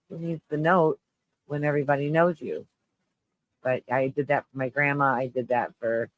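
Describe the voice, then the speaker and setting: A man hosting a live stream, chatting with viewers in a low, shaky-voiced mood, halting and restarting as he rambles. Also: no room sound, rough recording. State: shaky voice, close to tears. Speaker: livestream host.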